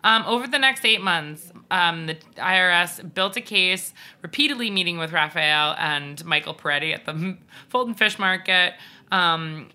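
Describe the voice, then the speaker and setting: A woman's voice: lowish voice, normal speed, sharp tone. A woman co-hosting a podcast, telling a story in a rambling, casual way with lots of ums and the odd swear word. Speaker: podcast co-host. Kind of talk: casual chat.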